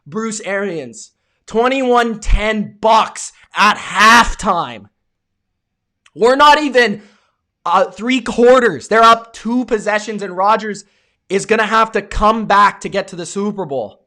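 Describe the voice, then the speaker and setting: A young American man hosting a live reaction stream of a football game, calling plays and yelling at big moments while talking to his chat. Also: high-pitched, slow pace. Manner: excitable, yells at big plays, talks to chat viewers.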